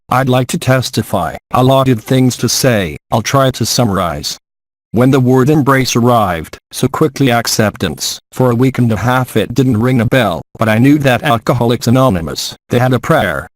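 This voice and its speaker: A man's voice: medium pitch, animated, moderate pace, dry recording. Man reading a dry, close translation. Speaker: translation voice-over. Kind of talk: voiced-over English translation of a spiritual gathering.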